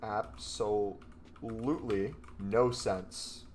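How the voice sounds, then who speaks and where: A man's voice: fairly low pitch, fairly even intonation, very slow, darkish tone, slight background noise. A man in casual chat, playful and amused, giving spoken prompts to an AI. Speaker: gaming content creator.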